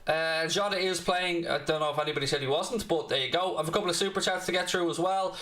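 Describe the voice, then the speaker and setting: Dublin Irish host, blunt and cheeky, bright edgy voice, a bit high, roomy echo. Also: male voice, expressive, quick pace, few pauses. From Ireland, Dublin. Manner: blunt, cheeky, swears freely. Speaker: fan channel host. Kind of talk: football watchalong chat.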